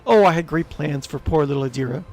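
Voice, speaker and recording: A man's voice: a little high, fast, darkish tone, close to an everyday voice. A man voicing a vengeful ghostly noblewoman aunt, reading her lines with cold scorn and mockery. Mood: mocking. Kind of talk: reading game dialogue aloud.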